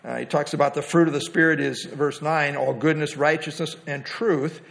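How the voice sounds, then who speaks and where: A man's voice: on the high side, steady tone, normal speed, gravelly, a bit bright. A man leading a Bible study, teaching in a conversational way with many fillers and questions to the group.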